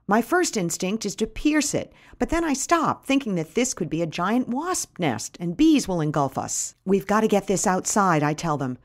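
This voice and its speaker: Woman storyteller, animated and wry, comic first-person tales. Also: medium pitch. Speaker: podcast host and storyteller.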